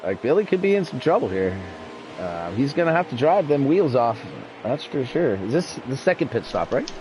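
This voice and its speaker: A man's voice: medium pitch, big pitch swings, normal speed, background noise. A man co-commentating an online racing game, chatty and breaking down tire wear and pit strategy. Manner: chatty, analytical about tires and strategy. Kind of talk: casual live commentary.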